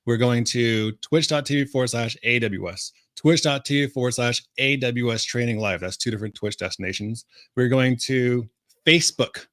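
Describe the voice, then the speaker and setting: A man's voice: mid-range voice, moderate pace, fairly bright tone, no echo, clean studio sound. A man co-hosting a casual livestream, upbeat and talking straight to the viewers in chat. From California. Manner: upbeat, talks to the chat audience. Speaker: co-host.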